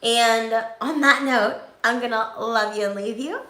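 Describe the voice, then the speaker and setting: A young woman with a bright, fairly high voice gives her viewers upbeat, encouraging advice, almost preaching. The sound is echoey, like a bare room. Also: unhurried. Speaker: vlogger. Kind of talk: motivational vlog talk.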